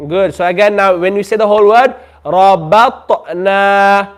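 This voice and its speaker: A man teaching a Quran recitation class, patiently drawing out sounds slowly for students to repeat. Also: high voice, fairly even intonation. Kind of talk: classroom lesson. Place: community centre classroom.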